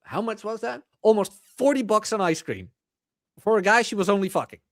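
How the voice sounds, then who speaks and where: A man being interviewed about his book, telling anecdotes in a casual, animated way and acting out the dialogue. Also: sits high, brisk, dry recording, studio quality. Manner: animated, acts out quoted dialogue. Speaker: author guest.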